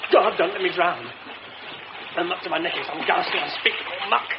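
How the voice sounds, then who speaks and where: An actor playing an excitable young playwright in a radio drama, talking to himself in exclamations. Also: male voice, sits high, a little fast. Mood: panicked. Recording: dull old radio recording with clear hiss.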